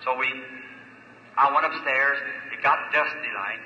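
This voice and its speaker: A man's voice: mid-range voice, unhurried, pushed and bright, highs cut off, a little hiss or hum. A man preaching a sermon, telling a story and retelling conversations line by line, with frequent "I said" and "See?". He speaks live in a large meeting hall. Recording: echoey old live hall recording.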